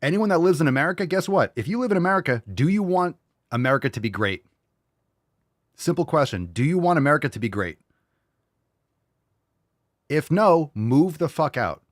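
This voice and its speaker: A man's voice: on the high side, no room sound, studio quality. A man hosting a podcast, reacting to clips with mocking, profane, ranting political commentary. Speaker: podcast host.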